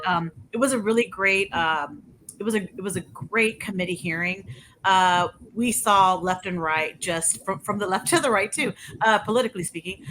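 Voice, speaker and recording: A woman's voice: lowish voice, a bit bright, slight background noise, rough recording. A woman from rural Texas, giving a chatty policy update with apologetic asides. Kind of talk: casual online update talk.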